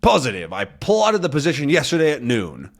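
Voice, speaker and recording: A man's voice: medium pitch, wildly swooping pitch, fairly quick, pitched above the performer's own voice. Man doing a blustering grumpy sea captain. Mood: indignant. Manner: blustering, sarcastic. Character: gruff irritable male sea captain. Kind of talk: reading a comic aloud in character.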